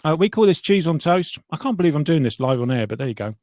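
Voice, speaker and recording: A man's voice: on the high side, animated, fast talker, darkish tone, no echo. Polite Englishman with a dry close voice. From England. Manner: polite, self-deprecating, chuckles often. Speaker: guest. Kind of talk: casual livestream chat.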